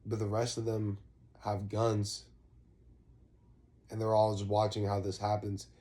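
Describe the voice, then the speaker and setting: Brief: young man, low mellow voice, slangy rambling storyteller. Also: completely flat delivery, unhurried. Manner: slangy, rambling, swears freely. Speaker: vlogger. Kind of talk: casual storytelling.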